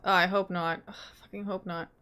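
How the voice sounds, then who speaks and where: A young adult woman streamer chatting casually with her viewers, reading their comments, laughing often and trailing off softly at the ends of her thoughts. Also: fairly low pitch, little pitch movement, a little fast, clean tone. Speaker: livestreamer.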